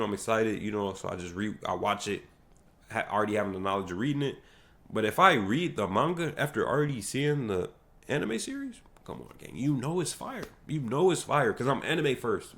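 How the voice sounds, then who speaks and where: A man's voice: mid-range voice, vocal fry, a bit bright. A young American man hosting a solo livestream podcast, talking casually in slangy, hyped, rambling bursts. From United States.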